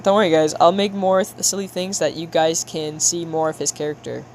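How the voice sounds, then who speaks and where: A woman's voice: low-pitched, steady tone, brisk, a little mellow, slight background noise. A young woman chatting casually with her viewers while she draws on a livestream, playful and slangy, making a show of being frustrated. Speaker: livestreamer drawing for chat.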